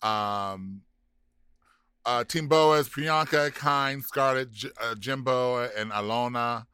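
A man's voice: medium pitch, bright, forceful tone, smooth, no room sound. A man from the United States co-hosting a casual podcast, bantering sassily and campily while recapping a TV show. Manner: sassy, campy banter with drawn-out words. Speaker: podcast co-host.

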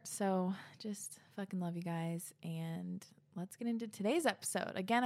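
A young woman hosting her own podcast in casual solo chat, swearing freely and dropping into soft whispers. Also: medium pitch. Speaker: podcast host.

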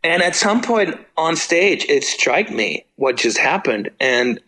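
A man's voice: a little high, very animated, slow pace, bright, forceful tone, poor audio. A man, a touring band musician telling road stories as a guest in a casual interview, rambling with lots of fillers and the odd swear. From Germany.

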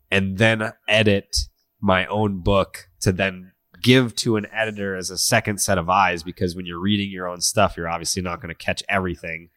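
A congested man with a low voice hosts a podcast in easy, self-mocking chat. His sound is close and dry, with no room around it. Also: a bit bright, dry recording. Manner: chatty, self-mocking, swears casually. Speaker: podcast host.

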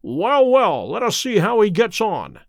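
A man's voice: high-pitched, wildly swooping pitch, gravelly, dry recording, clean studio sound, full character voice. Sherlock Holmes, a man reading as the cool detective. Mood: calm. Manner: measured, unruffled. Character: calm, precise male detective, middle-aged.

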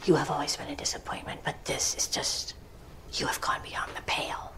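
A woman's voice: brisk, fairly bright tone, natural voice. An actress playing a stern older woman executive who scolds a younger man in a cold, cutting whisper, in a TV drama scene. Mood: contemptuous.

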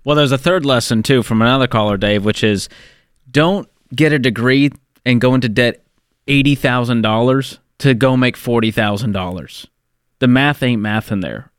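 A man's voice: medium pitch, normal speed, clear, resonant tone, dry recording. A man co-hosting a call-in radio show, chiming in with wry, dry-humored remarks. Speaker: radio co-host.

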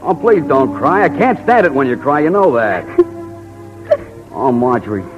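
An actor playing an earnest poor young playwright. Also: male voice, on the low side, animated, moderate pace, over music, natural voice. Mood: frantic. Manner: earnest, pleading. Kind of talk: 1940s radio drama acting. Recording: lo-fi old radio broadcast with hiss.

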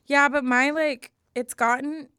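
A woman's voice: high voice, fairly even intonation, sharp tone, dry recording, clean studio sound. A young woman co-hosting a podcast, telling stories in casual chat with dramatic, emotional flair. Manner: emotional, dramatic storytelling, quick to laughs and tears. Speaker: podcast co-host.

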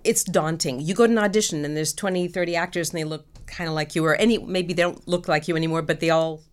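Low-voiced woman telling lively stories. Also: quick pace. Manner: animated storytelling with frequent laughs. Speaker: actress guest. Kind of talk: casual interview chat.

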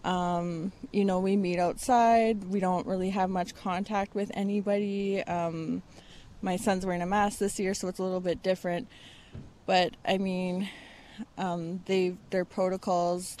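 A woman's voice: fairly low pitch, a little hiss or hum. Candid mother talking outside a school. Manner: relaxed, candid, many ums. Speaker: parent being interviewed. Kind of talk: casual interview answers.

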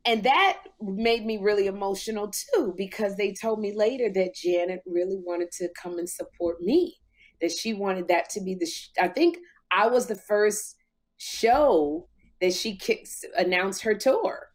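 A woman in her fifties hosting a talk show, telling stories in an animated, emotional way. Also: medium pitch, measured pace. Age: 50s. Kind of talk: casual podcast chat.

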